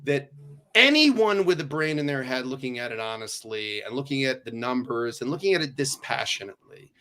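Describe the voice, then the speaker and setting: A middle-aged man, a divorce lawyer, talking in a casual podcast conversation, animated and sarcastic, swearing freely and acting out bits of dialogue. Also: mid-range voice, fairly quick.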